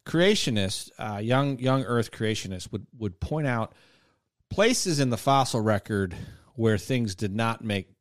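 A man explains things in a rambling, hesitant way during casual comedic chat. His pitch moves around a lot, and the recording is dry and close. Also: lively intonation, measured pace, no room sound.

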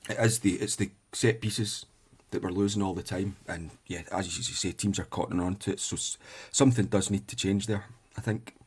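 A man's voice: low-pitched, fairly even intonation, fairly quick, few pauses, a little hiss or hum. A man talking hesitantly and thoughtfully in a casual football podcast chat. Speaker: podcast co-host.

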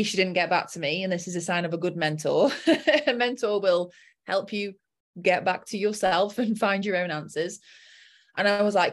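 A woman's voice: mid-range voice, moderate pace. A young adult woman coach telling a personal story in a casual chat and acting out her own inner voice.

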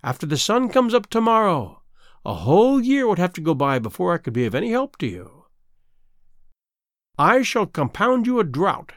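A man voicing a cruel, scheming female sea witch in a storybook reading, with a slow, taunting delivery. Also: high voice, fairly bright tone, no echo, studio quality, voice pushed up, full character voice.

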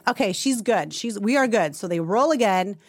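A woman in her thirties, a podcast co-host, telling a story in a lively way and acting out the quoted voices. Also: normal speed, no echo. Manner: animated, acts out quotes with big pitch jumps. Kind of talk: casual storytelling chat.

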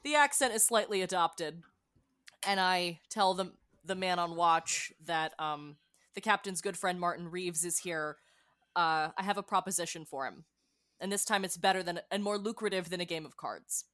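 A woman's voice: fairly low pitch, moderate pace, a bit bright. A woman playing a tabletop role-playing game, flustered and self-mocking about her character voice. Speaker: player.

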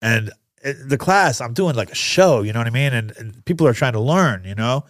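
A man's voice: mid-range voice, animated, brisk, dry recording. Chatty man with a dry close voice. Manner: chatty, enthusiastic, many fillers. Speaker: podcast host reviewing restaurants. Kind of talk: casual storytelling chat.

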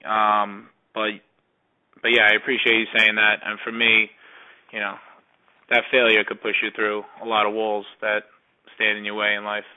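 A man talking as a podcast guest in casual conversation, halting with many restarts. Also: fairly low pitch, completely flat delivery, narrow, tinny audio.

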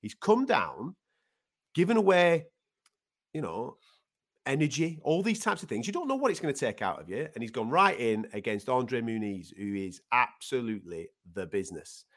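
Podcast co-host, lively and loose, swears a lot, mid-range voice. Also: male voice, medium pitch, moderate pace. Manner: animated, swears casually, acts out quotes. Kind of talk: casual sports chat.

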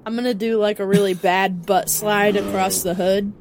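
A woman's voice: mid-range voice, fairly even intonation, normal speed, heavy background noise. A woman chatting casually as a player in a tabletop role-play game.

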